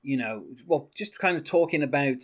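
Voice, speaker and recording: Rambling man quoting song lyrics. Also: normal speed. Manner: rambling, many fillers, quotes lyrics in a soft low voice. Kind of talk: casual music discussion.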